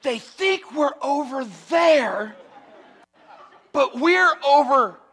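A man's voice: very high-pitched, lively intonation, drawn-out words, pushed and bright, some chatter behind, exaggerated voice. A man voicing smug fish hiding under a boat, talking in a secretive, giggly way. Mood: sneaky.

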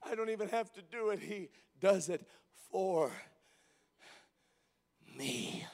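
A man preaching a sermon who moves from quiet reflection to shouted, emphatic passages. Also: high-pitched, expressive, slow pace, long reverb tail.

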